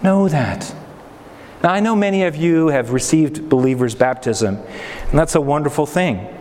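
A man pastor preaching a sermon, pausing for effect and briefly acting out the people he quotes. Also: fairly high pitch, lively intonation, a little mellow. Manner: preaching with acted-out quotes and dramatic pauses. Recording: reverberant hall, faint noise.

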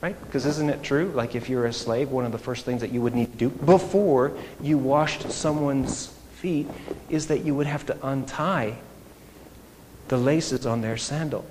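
A man preaching a sermon in an animated, conversational way, full of rhetorical questions. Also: mid-range voice, a little slow. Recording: echoey hall, faint noise.

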